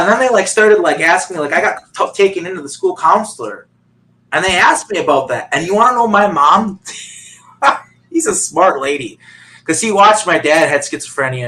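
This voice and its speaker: A man's voice: fairly high pitch, sharp tone, low-quality recording. A man on a video call telling a long personal story in a rambling way, full of fillers and restarts. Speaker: guest.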